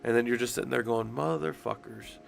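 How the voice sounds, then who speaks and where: Low gravelly congested male streamer. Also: moderate pace, fairly bright tone, faint music behind. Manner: profane, rambling, talks to chat. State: congested and sick. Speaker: streamer talking through job requirements. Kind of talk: casual live-stream chat.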